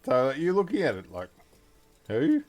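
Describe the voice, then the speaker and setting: A man narrating a tabletop role-playing game as game master, in an animated, unhurried storytelling manner. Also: mid-range voice.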